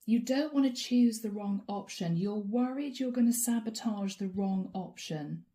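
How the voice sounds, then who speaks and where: A tarot reader gives a chatty channeled reading to camera, laughing often and voicing her listeners' inner thoughts. Her mid-range voice is mellow and unhurried.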